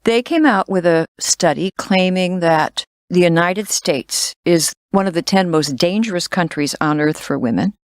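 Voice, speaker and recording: A woman co-hosting a podcast in casual chat, quick-witted and joking, growing emphatic when indignant. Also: fairly low pitch, no echo, clean studio sound. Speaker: podcast co-host. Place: recording studio.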